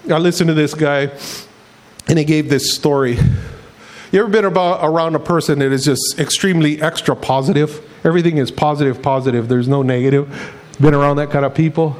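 A man's voice: on the high side, steady tone, fairly quick, darkish tone. A man preaching a sermon as pastor, telling stories and laughing at his own jokes.

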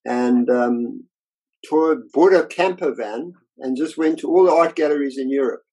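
In a relaxed interview, an elderly illustrator shares lively stories from his career, mimicking the voices of the people he quotes. His voice is mid-range and his pace is ordinary, though the recording quality is low.

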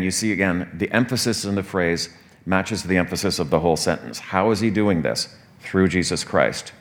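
A pastor preaching a morning sermon, teaching through a scripture passage in a conversational way with frequent asides to the congregation. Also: male voice, low-pitched.

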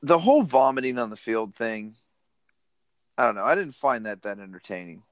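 A man's voice: medium pitch, lively intonation, normal speed, no room sound. A man casually chatting about a movie, opinionated and plain-spoken. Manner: opinionated, plain-spoken, brings prepared facts. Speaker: podcast co-host.

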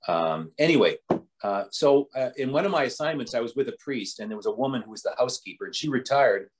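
A man's voice: mid-range voice, expressive, quick pace. A man, a bishop telling stories from his life in an interview, rambling with frequent restarts. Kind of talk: storytelling in an interview.

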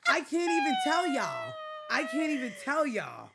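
Lively Staten Island woman, animated chat. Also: high-pitched, measured pace, creaky, heavy background noise. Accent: Staten Island New York. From Staten Island, New York. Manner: animated, laughing, exclamatory. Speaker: podcast co-host. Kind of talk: casual chat.

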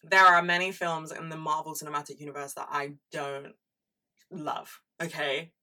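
Bright-voiced chatty woman vlogger. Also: deep voice, flat delivery, normal speed, far from the mic. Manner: chatty and dramatic, heavy swearing, frequent asides. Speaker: pop culture vlogger. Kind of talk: casual chat.

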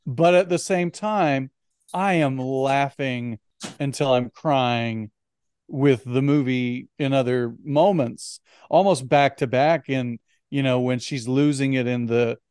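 A man co-hosting a podcast, chatting casually about films in an animated way and often restarting his words. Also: mid-range voice, slow, clear, resonant tone, no room sound, clean studio sound. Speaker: podcast co-host. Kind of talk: casual film discussion.

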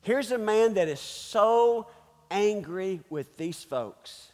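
A man's voice: sits high, lively intonation, slow pace, a little mellow, long reverb tail. A pastor preaching a sermon, emphatic and calling out to his congregation, repeating key words for effect.

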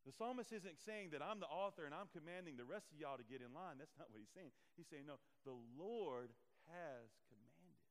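A man's voice: on the high side, fast talker, few pauses, a bit bright, long reverb tail. A man preaching a sermon as pastor, earnest, with swelling and falling emphasis and repeated phrases.

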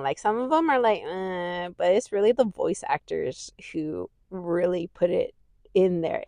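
A woman with a lowish voice talks loosely on her own podcast, rambling and gushing with a laugh never far away. She swears freely and keeps it casual. The sound is dry and close, with no room around her. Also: creaky, no echo. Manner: laughs easily, gushing and animated. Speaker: podcast host. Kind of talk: casual chat.

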